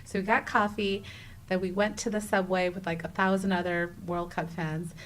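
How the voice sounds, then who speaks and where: Animated woman in her thirties telling a story. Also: mid-range voice, moderate pace, a little hiss or hum, rough recording. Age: 30s. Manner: animated, acts out quoted dialogue with many "like"s. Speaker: guest, travel writer. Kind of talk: casual interview storytelling.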